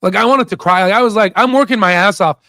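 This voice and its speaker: A man's voice: sits high, quick pace, sharp tone, dry recording. A young man, the host of an investing channel, tells a candid personal story to camera. He is choked up and close to tears, and he rambles and halts with many restarts.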